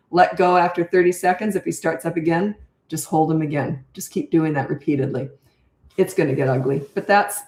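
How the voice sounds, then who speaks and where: A woman's voice: fairly low pitch, echoey room. An older woman, a parenting coach, answering viewer questions live in a blunt, firm manner, acting out what to say to a child. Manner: blunt, firm, demonstrates calm tone.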